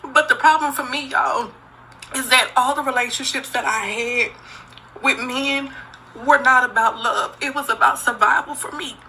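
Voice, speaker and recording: A woman's voice: high voice, steady tone, normal speed, bright, forceful tone, a little hiss or hum, rough recording. A woman and single mother speaking in a confessional social media video, candid and profane, talking straight to her viewers. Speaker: single mother, former dancer.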